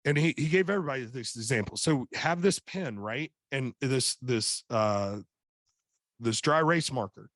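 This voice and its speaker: A man's voice: medium pitch, expressive, normal speed, a bit bright, no room sound. Middle-aged guy on a podcast, earnest storytelling, keeps restarting sentences, dry close mic. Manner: earnest storytelling with many repeated starts. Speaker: podcast guest, author and coach. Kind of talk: casual chat.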